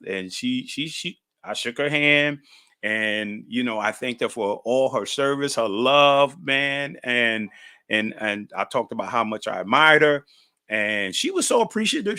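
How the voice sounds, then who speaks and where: Bright, forceful man hosting a podcast. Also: mid-range voice, lively intonation, moderate pace, no echo, clean studio sound. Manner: chatty, laughing, folksy storyteller. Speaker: podcast host. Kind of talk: casual podcast monologue.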